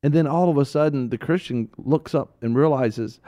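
A man co-hosting a Christian talk show, teaching in casual chat as an animated storyteller who laughs often. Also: mid-range voice, moderate pace.

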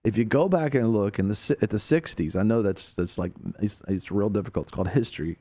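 A man's voice: lowish voice, fast, mellow. Preaching male talk radio host. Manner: preacherly, rising to emphatic peaks.

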